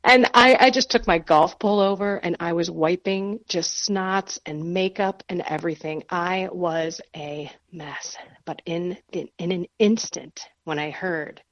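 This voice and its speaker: Animated woman telling her story. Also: lowish voice, measured pace, hardly any pauses, muffled recording. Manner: animated, self-deprecating storyteller. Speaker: guest author. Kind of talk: personal testimony in radio interview.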